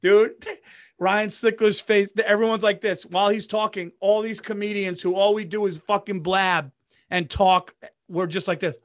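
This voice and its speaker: A man hosting a podcast, telling an excited story in casual chat, saying "dude" and restarting sentences. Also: high-pitched, normal speed, no echo, studio quality. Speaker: podcast host.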